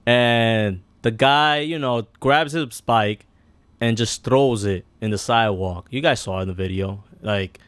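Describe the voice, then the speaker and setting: A man's voice: mid-range voice, unhurried, a bit bright, clear, resonant tone, no echo. A man chats casually as co-host, earnest and given to stammering restarts. His voice sits in the middle, dry and close. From New York. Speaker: podcast co-host. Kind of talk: casual chat.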